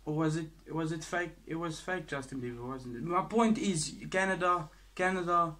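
A man playing a pushy, loud South African cousin in a comedy sketch, rambling and blustering with a South African accent. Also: a little high, normal speed, pitched above the performer's own voice.

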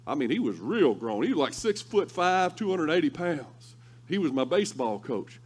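A male pastor preaching a sermon through lively, humorous storytelling. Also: fairly high pitch, moderate pace, slightly rough. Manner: animated, humorous storytelling with laughter.

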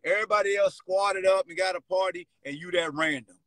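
A man hosting a sports podcast with a Virginia accent, taunting and shouting at players in casual trash talk. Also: high voice, fairly quick, dry recording, rough recording. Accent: Virginia (757 area). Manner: loud, taunting, animated, shouts and laughs. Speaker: podcast host.

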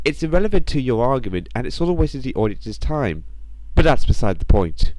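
A man delivers a video commentary with a sarcastic, mocking edge. His pitch swings widely as he talks. The recording is dry and close, with no room sound. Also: big pitch swings, brisk, darkish tone, no room sound.

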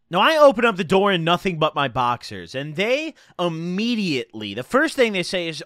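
A man's voice: high-pitched, sing-song, a little fast, hardly any pauses, bright, forceful tone, no room sound, clean studio sound. A man hosting a casual storytelling vlog, in a loose, profane, slangy way. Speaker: YouTuber host.

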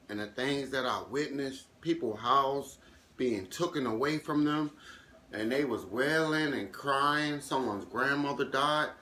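A man's voice: fairly high pitch, bright, forceful tone, a little hiss or hum. A man doing a comic monologue to camera, mock-emotional and drawn out, with fake crying. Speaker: comedy vlogger.

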